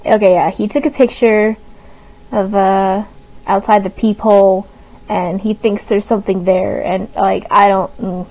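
A woman's voice: medium pitch, fairly even intonation, measured pace, a little mellow, poor audio. A young woman from Arkansas with a light Southern accent, reading a creepy story aloud to viewers on a stream, giggling nervously and breaking in with her own remarks. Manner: giggly, nervous, reacting between read-out lines.

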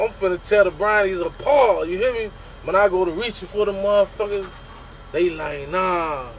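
A man tells a story from his own life in loose, casual talk, animated and full of swearing. His voice sits a bit high for a man, and he breaks into his own mouth sound effects as he goes. A faint hiss runs under the recording.

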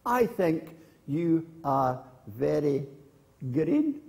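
A man voicing a little girl in a children's story, speaking in a raised, slowed, childlike voice. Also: a little high, very animated, vocal fry, darkish tone, exaggerated voice. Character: little girl, sweet then sulky.

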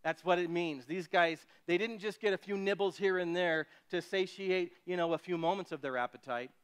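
A man preaching a sermon as pastor, animated, often acting out the voices of people he quotes. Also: high voice, moderate pace, smooth.

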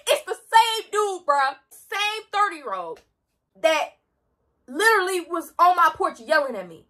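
A teenage girl vlogger telling a story in a dramatic, slangy, animated way. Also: extremely high pitch, unhurried. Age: teens. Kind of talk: storytime vlog.

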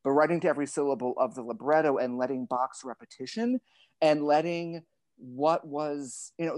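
A man's voice: mid-range voice, a little mellow, no room sound. A man, a librettist and translator, talking about his work over a video call in a thoughtful, digressive, wry way.

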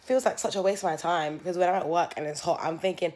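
A woman's voice: fairly low pitch, fairly even intonation, quick pace, a little mellow, no echo, low-quality recording. A young woman chatting casually in a vlog, rambling and asking "do you know what I mean". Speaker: vlogger. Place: out and about, car, gym, home.

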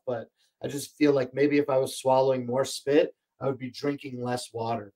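A man hosts a livestream shopping show from his home studio, rambling casually through product chat with lots of fillers while his strained voice keeps breaking. His voice is medium-pitched and mellow, with little pitch movement and a normal speed. He's picked up by a desk microphone sitting more than an arm's length away.

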